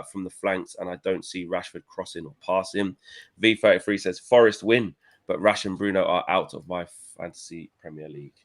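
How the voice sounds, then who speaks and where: A man's voice: deep voice, fairly bright tone. A young man, co-hosting a fan livestream, reading out live comments and joking with playful slang. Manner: banterous, playful, uses slang like "my son" and "innit". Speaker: co-host of fan channel livestream.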